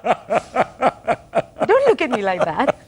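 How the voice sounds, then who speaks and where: Playful woman host with a lively voice. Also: fairly high pitch, takes it slowly, breathy edge. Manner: teasing, playful banter with laughs. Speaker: TV interviewer, host. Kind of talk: casual interview chat.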